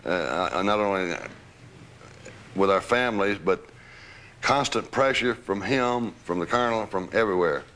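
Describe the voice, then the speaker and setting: An older man being interviewed, telling lively anecdotes with laughter and the odd curse. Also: fairly low pitch, moderate pace. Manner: animated storyteller, laughs, swears. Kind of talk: recounting stories.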